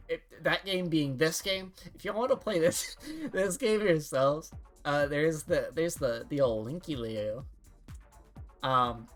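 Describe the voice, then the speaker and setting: A young adult woman streamer chatting casually, rambling and halting with many restarts and the odd swear. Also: low-pitched, fairly bright tone.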